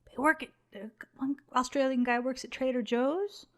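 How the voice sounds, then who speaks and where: A young woman co-hosting a casual gaming podcast, chatty and quick to laugh. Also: high-pitched, fairly even intonation. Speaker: podcast co-host.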